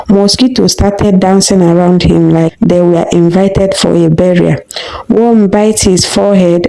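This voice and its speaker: Slow, low-voiced woman storyteller. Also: darkish tone, rough recording. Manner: dramatic, conversational asides. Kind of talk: scripted story narration.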